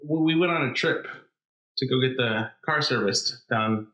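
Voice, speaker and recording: Guy cohosting a podcast, bright punchy voice, dry goofy jokes, roomy echo. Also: medium pitch, normal speed. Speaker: podcast co-host. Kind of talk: casual banter. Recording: echoey room.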